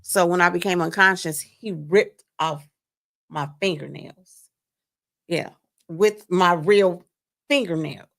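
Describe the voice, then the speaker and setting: A woman telling a painful personal story on a live stream, animated and speaking straight to her listeners. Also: fairly low pitch, slow, pauses often. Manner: animated, acts out quoted voices, addresses listeners as "you all". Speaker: guest sharing a testimony. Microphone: remote stream mic.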